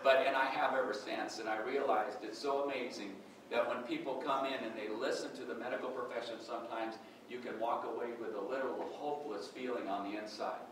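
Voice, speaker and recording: A man's voice: medium pitch, steady tone, a little fast, hardly any pauses, fairly bright tone, slight background noise. A man giving a personal testimony to a workshop audience, telling his story conversationally and acting out the dialogue. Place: workshop room. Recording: echoey room from far off.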